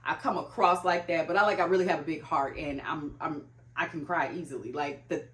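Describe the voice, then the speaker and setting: A woman's voice: sits low, fairly quick. A young woman chatting casually about books as a vlogger, talking loosely with lots of "like" fillers. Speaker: book vlogger. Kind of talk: casual chat. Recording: echoey room.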